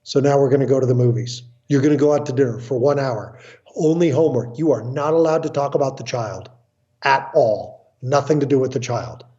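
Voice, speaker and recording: Man, blunt and emphatic, mellow voice, muffled lo-fi sound, interview guest. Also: medium pitch, brisk. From United States. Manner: emphatic, blunt, acts out quotes. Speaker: guest, family counselor. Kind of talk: animated storytelling interview.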